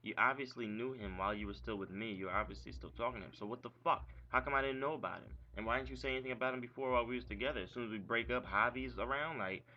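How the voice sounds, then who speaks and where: A man's voice: medium pitch, very fast, hardly any pauses. A young man venting angrily about his ex-girlfriend in a profane, rambling vlog rant, full of "like" and rhetorical questions. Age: young adult. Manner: agitated, profane ranting with frequent "like". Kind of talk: ranting vlog monologue. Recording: dull lo-fi webcam audio with faint hiss.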